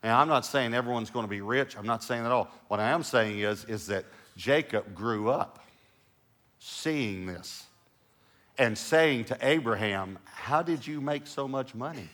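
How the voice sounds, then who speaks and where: Bright-voiced male pastor telling a story. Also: a little slow. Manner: animated storyteller, swings between hushed lows and loud bursts. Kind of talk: sermon with storytelling.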